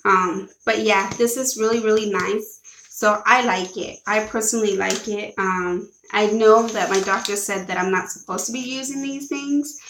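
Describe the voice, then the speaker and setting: A woman's voice: mid-range voice, moderate pace, fairly bright tone, reverberant, slight background noise, rough recording. Chatty mother rambling through a haul. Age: adult with children. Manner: rambling, chatty, self-correcting, greets viewers by name. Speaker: vlogger showing a shopping haul. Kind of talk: casual chat with live viewers.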